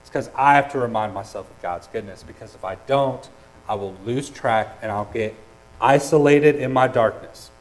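A pastor delivers an earnest, personal sermon in a medium-pitched voice at normal speed, often restarting hesitantly and swinging between loud and soft. The audio quality is poor.

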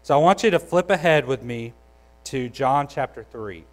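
A man's voice: mid-range voice, lively intonation, normal speed, rough recording. A young adult man preaching a sermon in a conversational, storytelling way, with frequent restarts. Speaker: pastor.

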